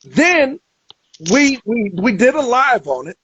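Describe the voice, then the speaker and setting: A man's voice: very high-pitched, sing-song, slow pace, lo-fi sound, a crowd in the background. A man hosting a livestream argument, confrontational and profane, often talking over his guests. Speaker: livestream host.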